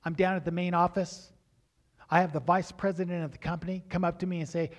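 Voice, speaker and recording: A middle-aged man preaching a sermon, telling stories with animated, acted-out dialogue. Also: high voice, brisk. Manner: animated storytelling, acts out dialogue.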